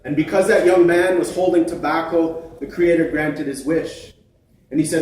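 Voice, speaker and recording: Male storyteller-emcee, slightly high voice, booming hall reverb, far mic. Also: slight background noise. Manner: measured, animated storytelling with playful asides. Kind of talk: oral storytelling on stage. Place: large theatre stage. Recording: echoey theatre from far off.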